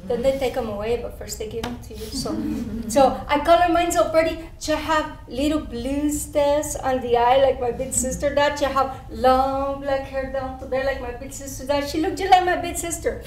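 A woman's voice: high voice, normal speed, a little mellow, close to an everyday voice. A woman acting out an eager, chatty first-grade girl in a one-woman stage show, speaking childlike English with a San Antonio Spanish-influenced accent and slipping into Spanish. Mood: excited. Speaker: stage performer. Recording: roomy stage sound from far off with faint hiss.

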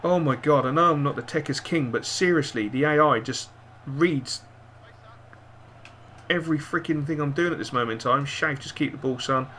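A man commentates live on his own match with a bright, forceful voice. He is exasperated, swears freely and yells at his players. There is a faint hiss behind him. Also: a little high, moderate pace. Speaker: gaming commentator.

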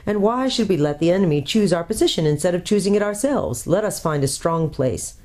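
A woman voicing a wise, solemn male centaur who speaks in a measured, grave way, in a storybook reading. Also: fairly low pitch, animated, darkish tone, close to an everyday voice.

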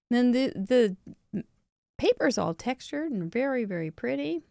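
A woman's voice: a little high, big pitch swings, measured pace, vocal fry, dry recording, studio quality. A woman chatting casually as host of a live crafting show, opening mail from viewers and laughing often. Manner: chatty, warm-hearted, laughs often, yawning from a long day.

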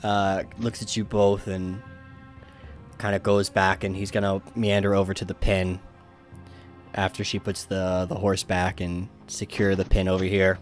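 A man narrates as game master of a tabletop game, stopping and restarting often with lots of fillers. His voice sits on the low side, and faint background music plays under the talk. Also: completely flat delivery, measured pace.

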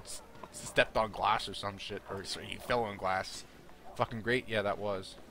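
A man's voice: lowish voice, fairly even intonation, moderate pace, pushed and bright, a little hiss or hum. A young man giving annoyed, sarcastic gameplay commentary and swearing a lot. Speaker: let's play commentator.

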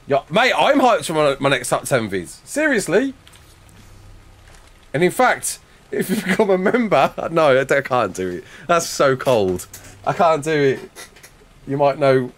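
A young English man on a live game stream, bouncing through viewer comments in easy banter. His pitch jumps up and down a lot. He talks into a desk mic. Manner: chatty, reads viewer comments aloud and answers them, quick laughs. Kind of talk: casual live-stream chat while gaming. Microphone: desk mic with face cam.

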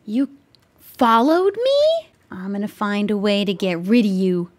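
A woman's voice: medium pitch, fairly even intonation, moderate pace, darkish tone. A young woman role-playing in a game, nervous and jokey, rambling and stammering. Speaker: Minecraft roleplay streamer. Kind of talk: in-character game roleplay chat.

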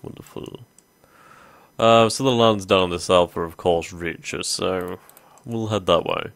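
A man's voice: low voice, a little slow, gravelly, a bit bright, no room sound. A man hosting a strategy game let's play, thinking aloud casually with many ums. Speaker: gaming video host.

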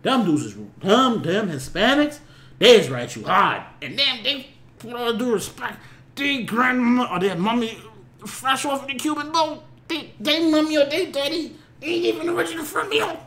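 A man's voice: extremely high pitch, animated, moderate pace, fairly bright tone, echoey room. A man hosting a reaction video, ranting casually with sudden swings in volume. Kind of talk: ranting commentary.

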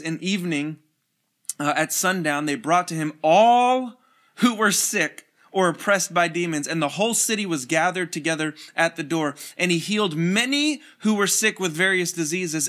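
Bright-voiced, energetic young-sounding preacher. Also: male voice, fairly high pitch. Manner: energetic, casual slang, chuckles while preaching. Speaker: pastor. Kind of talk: online sermon with scripture reading.

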